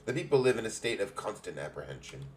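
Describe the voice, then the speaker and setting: A man's voice: on the low side, very animated, fast talker, slight background noise, voice pushed up. A man voicing a stately, motherly woman who heads an adventurers' guild, in a put-on English accent and grand, old-fashioned speech while reading game dialogue aloud.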